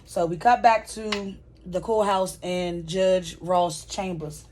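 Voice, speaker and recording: A woman's voice: on the low side, steady tone, takes it slowly, a little mellow, a little hiss or hum. A woman casually recapping a TV episode with chatty asides.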